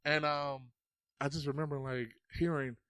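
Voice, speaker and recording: A man's voice: on the high side, moderate pace, clean tone, no room sound. A young adult man telling stories in casual chat, swearing freely and acting out the quotes. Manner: animated storyteller, swears freely, acts out quotes. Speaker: podcast host.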